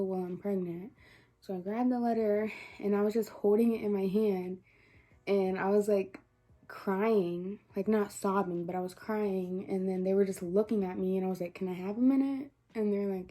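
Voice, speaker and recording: Teenage girl, vlogger, casual storytelling, mellow tone, near tears. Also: mid-range voice, moderate pace. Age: teens. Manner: chatty, many likes and quoted dialogue.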